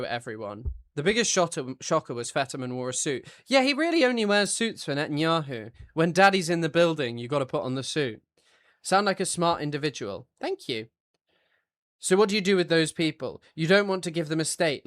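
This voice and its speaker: A man's voice: fairly high pitch, fairly bright tone, dry recording, clean studio sound. A man streaming live, reading out viewer chat and answering it in an offhand, blunt way. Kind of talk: casual livestream chat.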